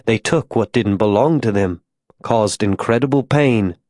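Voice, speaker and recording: A man voicing a tormented religious zealot who speaks to a child in a hushed, tender way. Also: fairly low pitch, a little slow, no room sound, studio quality, natural voice. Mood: preaching.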